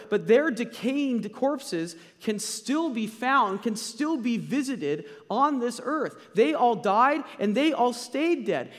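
A male pastor preaching a sermon, emphatic and slowing down to stress key points. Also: extremely high pitch, in a large hall.

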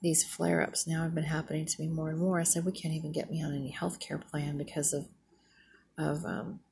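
A woman's voice: sits low, little pitch movement, a little fast, gravelly, a little mellow, a little hiss or hum. A middle-aged woman, a former nurse, venting indignantly in a casual monologue and retelling conversations. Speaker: retired nurse vlogger.

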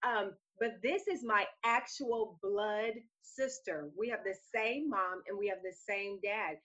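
A woman's voice: medium pitch, a little slow, fairly bright tone. A fervent woman ministry host who prays in long, pleading runs and then chats casually with her guest. The recording sounds dull and lo-fi. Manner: fervent, repeats "oh God" while praying. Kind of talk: prayer and casual show hosting.

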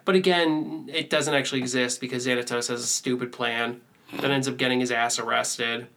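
A man's voice: medium pitch, fairly even intonation, brisk, sharp tone. A man co-hosting a podcast in casual chat, joking and slipping into put-on accents. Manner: jokey, bursts into put-on accents. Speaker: podcast co-host.

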